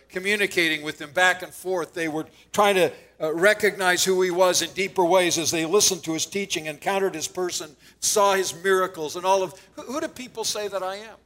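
Guy preaching a sermon, highish bright voice, earnest, stumbles and restarts now and then. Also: poor audio. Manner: earnest teaching, quoting scripture, occasional stammered restarts.

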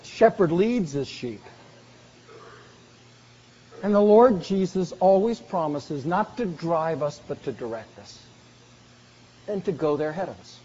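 A man preaching a sermon earnestly, slowing down for emphasis and dropping soft on key phrases. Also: a little high, lively intonation. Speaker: pastor. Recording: dull lo-fi recording in a reverberant hall.

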